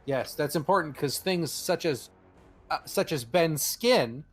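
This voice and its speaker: A man's voice: a little high, expressive, unhurried, husky, faint music behind. A man bantering and arguing jokingly as a player in a tabletop game session. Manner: joking, argumentative.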